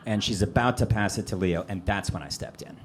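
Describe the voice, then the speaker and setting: A man's voice: on the low side, a little fast, a crowd in the background. A man performing a stand-up set on a comedy club stage, telling stories and acting out dialogue into a handheld mic. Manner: animated storytelling, acting out dialogue. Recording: live club audio with room noise. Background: audience laughter.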